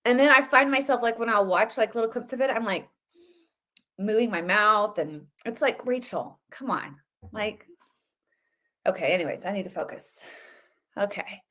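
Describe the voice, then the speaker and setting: A woman's voice: mid-range voice, normal speed, pauses often, pushed and bright. A woman hosting a casual live stream, chatty and rambling, greeting viewers by name between topics. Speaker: livestream show host.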